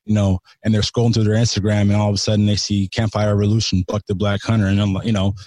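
With a lowish, mellow voice that barely moves in pitch, a Californian podcast guest talks quickly on a dry recording. The conversation is casual and slangy; he swears a lot and keeps restarting sentences.

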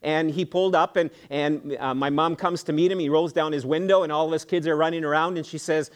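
A middle-aged pastor delivering a sermon in a church sanctuary. His voice sits high for a man, and he preaches earnestly and emphatically, mixing in homely jokes and friendly asides. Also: steady tone, fairly quick, clean tone.

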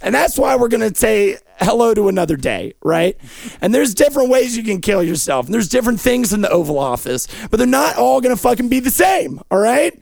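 Profane rambling man with a gravelly voice. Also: high voice, sing-song, brisk, dry recording. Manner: absurd, profane stream of consciousness with sudden yelling. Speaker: podcast host. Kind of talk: rambling comedic monologue.

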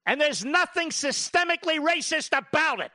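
A man's voice: extremely high pitch, lively intonation, moderate pace, bright, forceful tone, dry recording, studio quality. A man giving a sarcastic grocery-aisle rant, rattling off long lists of items. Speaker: commentator. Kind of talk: ranting grocery-store monologue.

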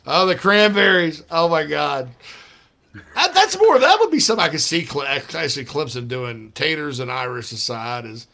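A man's voice: fairly high pitch, big pitch swings, normal speed, gravelly, bright, forceful tone. A man hosting sports radio, rambling and joking in casual banter with bursts of laughter.

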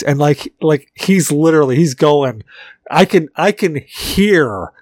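A man's voice: a little high, a little slow, no room sound, studio quality. A man from Virginia co-hosting a podcast, telling stories in casual chat with swearing and laughter. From Virginia, United States. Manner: animated storyteller, laughs, swears often. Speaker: podcast co-host.

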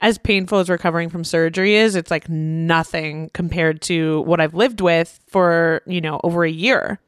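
A woman's voice: fairly low pitch, fairly even intonation, moderate pace, clean tone, dry recording, clean studio sound. A woman hosting a podcast who reacts often and tosses in playful asides. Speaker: podcast host. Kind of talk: casual podcast chat.

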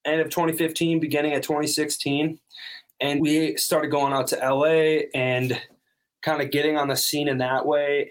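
A man's voice: on the high side, low-quality recording. A man from North Dakota with a North Dakota accent, an outgoing band member chatting as a guest. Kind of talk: casual chat.

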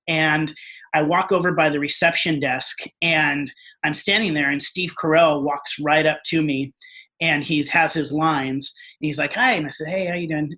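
Bright-voiced man telling a lively story. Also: fairly high pitch. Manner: animated, acts out quotes. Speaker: guest. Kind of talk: casual storytelling.

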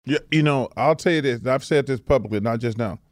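A man, a co-host telling an excited, emphatic story in casual chat. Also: medium pitch, fast, no room sound, clean studio sound. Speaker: co-host, former basketball player.

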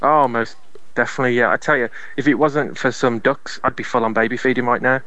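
A man's voice: medium pitch, steady tone, a little fast, sharp tone, dry recording, low-quality recording. A man, a podcast guest who tells self-deprecating stories in a casual chat and laughs at himself. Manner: chatty, self-deprecating storyteller, laughs often.

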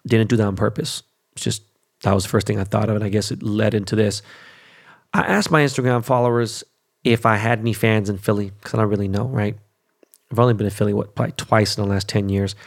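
A man's voice: fairly low pitch, steady tone, fast, vocal fry. A man in his forties from Los Angeles, hosting a podcast in a blunt, casual rant full of swearing. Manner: blunt, heavy swearing, keeps asking "okay?". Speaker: podcast host.

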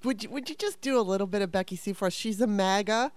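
A woman's voice: medium pitch, quick pace, no echo. A woman hosting a podcast interview in a casual, chatty way, laughing often. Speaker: podcast host.

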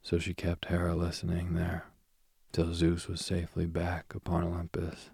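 A man reading a myth aloud as a soothing bedtime story, slowly and softly, drifting into whispers. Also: sits low, completely flat delivery, gravelly, breathy edge, no room sound. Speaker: sleep story reader.

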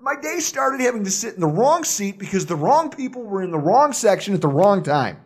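A man with a high voice that swoops all over as he tells a story in an exasperated, animated way. He sounds like a podcast co-host in casual banter. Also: fairly quick, husky.

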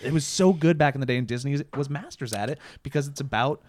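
A man's voice: medium pitch, quick pace, a little mellow, no room sound. A man co-hosting a podcast, riffing jokes in casual chat and making his points. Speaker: podcast co-host. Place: podcast studio.

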